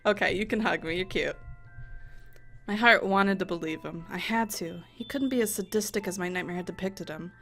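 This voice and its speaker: A woman's voice: fairly low pitch, normal speed. A young woman playing a visual novel, reading the story aloud and cutting in with profane, joking commentary. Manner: expressive, profane, jokey asides. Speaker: let's play host. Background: faint music.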